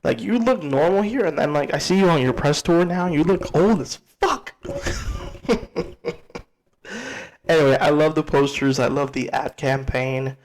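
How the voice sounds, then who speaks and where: A young man giving a casual spoken movie review, blunt and excitable, repeating words and swearing freely. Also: fairly high pitch, moderate pace, hardly any pauses, rough recording.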